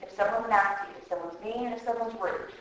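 A woman preaching at a retreat, lively and emphatic, repeating words for effect. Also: medium pitch, a little fast, recorded from a distance. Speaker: retreat speaker. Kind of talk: sermon. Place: hall at a church retreat. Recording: echoey hall.

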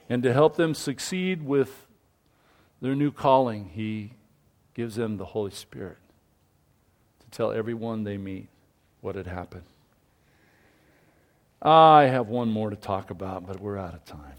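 Animated storytelling male pastor. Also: medium pitch. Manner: animated storytelling, acts out quoted voices. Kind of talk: sermon.

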